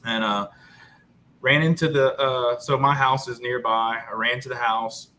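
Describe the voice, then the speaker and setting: A man in his thirties, a guest on a live chat show, telling a story in an animated, joking way with lots of fillers. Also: medium pitch, a little slow, slight background noise, low-quality recording. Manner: joking, upbeat about a grim story.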